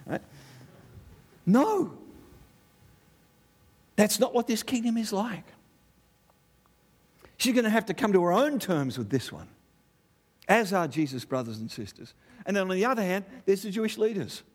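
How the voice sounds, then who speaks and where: In a spirited sermon, a middle-aged Australian preacher throws out rhetorical questions and brief asides to his audience. His voice is a touch high for a man, rising and falling widely as he presses his points.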